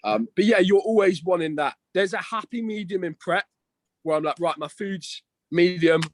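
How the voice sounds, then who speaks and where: A man's voice: high-pitched, fairly quick, a little hiss or hum. A young man chatting casually as a podcast guest, slangy and swearing, calling everyone "mate" and "bro".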